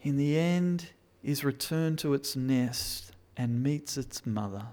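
A man preaching a sermon, moving between quiet reflection and loud, emphatic pleading. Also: medium pitch, lively intonation, slow pace.

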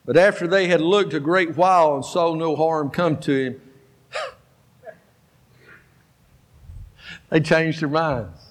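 A man's voice: on the high side, slow pace, long pauses. Fired-up preacher in his fifties. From Georgia, US. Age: 50s. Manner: animated storytelling preacher, exhorting the congregation. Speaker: pastor. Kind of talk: sermon. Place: church sanctuary. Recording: long reverb of a church hall.

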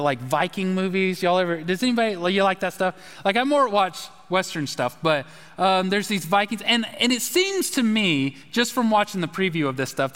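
A man preaching a sermon as a pastor, chatty and animated, asking the congregation questions. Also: high voice. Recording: long hall reverb.

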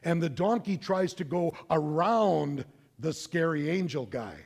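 Middle-aged man preaching, conversational and animated, fairly high voice, storytelling sermon. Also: a little slow. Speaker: pastor.

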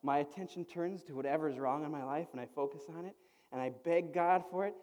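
A pastor with a bright, high-pitched voice preaches in a casual, animated way. His words ring out with a long reverb through the church sanctuary, and he keeps the tone easy and friendly. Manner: animated, conversational preaching with quick auctioneer-style imitations. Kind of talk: sermon.

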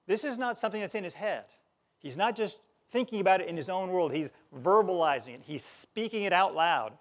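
A man delivers a conversational sermon in a slightly high voice. He often drops to a hushed tone, then breaks into sudden loud outcries, with frequent chuckles along the way. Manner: chuckles often while preaching. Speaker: preacher.

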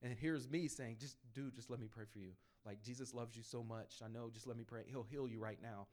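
A man telling personal evangelism stories to a church group in a lively, conversational way, acting out the people he quotes. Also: medium pitch, a little fast. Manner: animated storytelling, acts out quoted voices. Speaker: church speaker sharing testimony.

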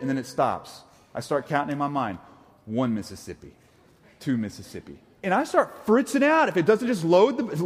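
A young adult man preaching a sermon, animated, with playful asides and mimicked voices. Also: a little high. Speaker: pastor. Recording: long hall reverb.

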